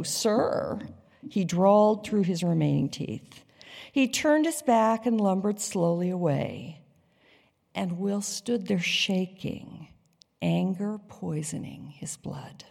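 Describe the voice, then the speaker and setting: A woman narrating a dramatic story in an expressive, deliberate way. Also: mid-range voice, gravelly. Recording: long hall reverb.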